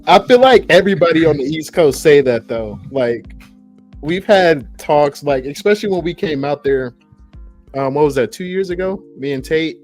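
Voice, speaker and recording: A man hosting a casual podcast, animated and quick to react with laughs. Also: a little high, soft background music. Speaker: podcast host.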